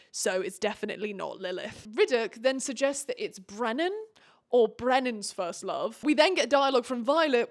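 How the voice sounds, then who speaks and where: Young woman, book recap, sarcastic, chatty, fairly high pitch. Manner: sarcastic, chatty, playful asides.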